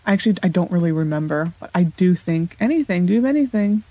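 A woman's voice: lowish voice, animated, fast, mellow. Chatty woman thinking aloud while gaming. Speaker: let's play host. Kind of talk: casual gameplay commentary. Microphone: desk microphone, set a little loud.

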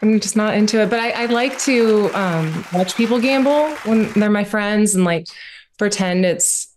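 A woman calling in to a podcast, chatting in a cheerful, relaxed way. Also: mid-range voice, normal speed, slight background noise. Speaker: caller. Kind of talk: casual chat.

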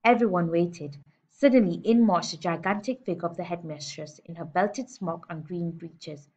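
Low-voiced woman teacher reading a story. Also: moderate pace, breathy edge. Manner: lively, expressive storytelling. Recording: dull lo-fi recording.

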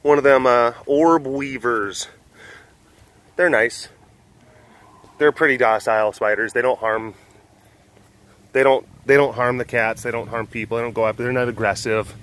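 A man's voice: medium pitch, fairly even intonation, normal speed, pauses often. Chatty man vlogging at a big cat sanctuary. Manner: chatty and jokey, coos softly at animals. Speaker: big cat keeper at a wildlife facility. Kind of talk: casual walking vlog. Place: outdoors at an animal sanctuary. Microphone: handheld phone.

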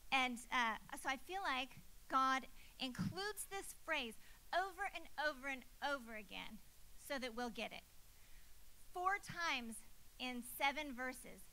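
Bright, high-voiced woman preaching. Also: a little hiss or hum, rough recording. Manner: emphatic, repeats phrases for effect. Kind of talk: sermon.

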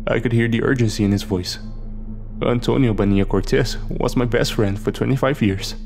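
A man's voice: medium pitch, fairly even intonation, a little fast, gravelly, over music. A man narrating a first-person horror story in a dry, sardonic way.

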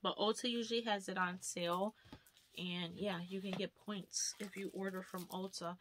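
A woman's voice: mid-range voice, fairly even intonation, moderate pace, background noise. A young adult woman chatting casually through a beauty haul and unboxing, rambling with lots of filler words. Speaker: beauty vlogger.

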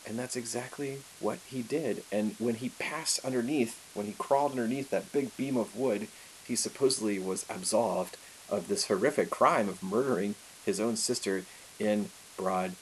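A man telling a history story in a lively, conversational lecture style, full of asides and fillers. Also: lowish voice, moderate pace, a little hiss or hum, rough recording.

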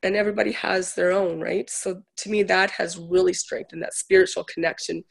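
Woman, healer guest, gravelly low voice, chatty storyteller. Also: fairly even intonation, brisk. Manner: chatty storytelling, retelling others' words. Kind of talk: casual chat.

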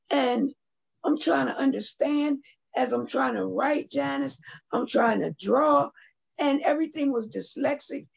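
Gravelly husky woman telling her story. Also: on the high side, darkish tone, poor audio. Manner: earnest, testifying, addresses listeners directly. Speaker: guest artist and poet. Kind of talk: emotional personal storytelling. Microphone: video call.

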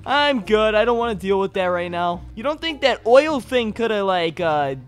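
Brief: young male gamer, very high and lively voice, frantic commentary, faint music under it. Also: normal speed. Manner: excitable, frantic yelling. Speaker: gaming YouTuber. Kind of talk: gameplay commentary.

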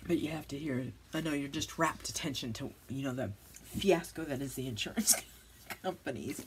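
A woman's voice: extremely low pitch, moderate pace, noisy background. A woman, telling a rambling, self-deprecating story as she crafts at home for her vlog. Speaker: crafting channel host. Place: home, with dogs nearby.

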